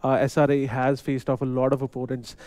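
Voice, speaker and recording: A man co-casting esports, measured and practical, keeping the show on track. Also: medium pitch, little pitch movement, a little mellow, no room sound. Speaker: esports co-caster. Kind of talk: live esports commentary.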